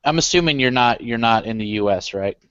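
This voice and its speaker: A man's voice: mid-range voice, lively intonation, fairly quick, fairly bright tone, clean tone, dry recording. A man from the United States in a casual chat, easygoing and agreeable, with lots of fillers. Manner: laid-back, agreeable, filler-heavy. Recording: dull, dry voice-chat audio.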